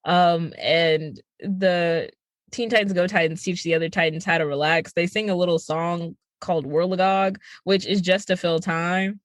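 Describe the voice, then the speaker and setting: A woman's voice: lowish voice, moderate pace, no room sound, clean studio sound. A young woman co-hosting a podcast, recapping a cartoon in casual chat and briefly acting out the characters as she goes. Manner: animated storytelling, acting out characters in passing. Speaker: podcast co-host.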